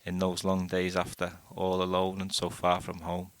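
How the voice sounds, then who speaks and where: A man reading a first-person short story aloud in a steady, unhurried way. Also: sits low. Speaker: audiobook narrator.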